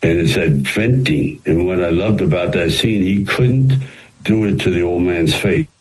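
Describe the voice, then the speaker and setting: A man, an actor and screenwriter, telling rambling, animated anecdotes in a radio interview. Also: low voice, moderate pace, low-quality recording.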